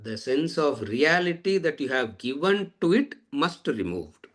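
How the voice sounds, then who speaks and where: A man's voice: fairly high pitch, expressive, unhurried. A man teaching a lecture on scripture, repeating phrases and asking rhetorical questions. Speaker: Vedanta teacher.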